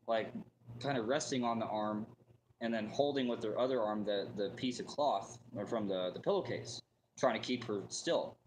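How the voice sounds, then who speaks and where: A man's voice: mid-range voice, slight background noise, low-quality recording. Man, mid-range voice, rambling casual storyteller, lots of "like" and "you know". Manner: rambling, full of fillers and restarts.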